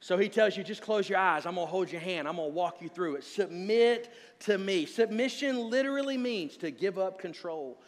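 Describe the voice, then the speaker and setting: A man's voice: sits high, brisk, hardly any pauses. A man in his thirties, a pastor, giving a sermon in a casual, conversational way, telling stories and asking the congregation questions. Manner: conversational, animated storytelling with asides to the congregation. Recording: long hall reverb.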